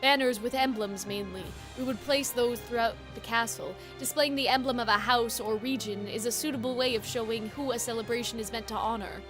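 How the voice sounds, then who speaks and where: A woman reading the part of a formal young nobleman in a softer, lower, measured voice. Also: fairly even intonation, over music, natural voice. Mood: stately.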